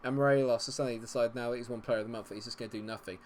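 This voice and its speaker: A man's voice: medium pitch, fairly even intonation, very fast, a little hiss or hum. A man giving live commentary over a football management game, sarcastic and exasperated, swinging between grumbling and cheering. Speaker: gaming streamer.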